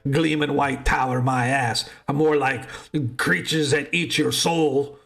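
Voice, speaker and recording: Gravelly, foul-mouthed, spooked woodsman, played by a man. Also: mid-range voice, steady tone, unhurried, a bit bright. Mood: gruff. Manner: swearing, coarse backwoods speech. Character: crude, frightened male woodsman ranger, gruff.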